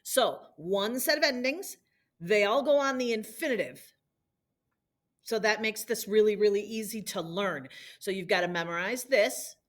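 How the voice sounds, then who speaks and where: A woman's voice: medium pitch, expressive, a little slow. A woman teaching a recorded language lesson, explaining patiently step by step and leading repetition drills. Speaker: Spanish teacher.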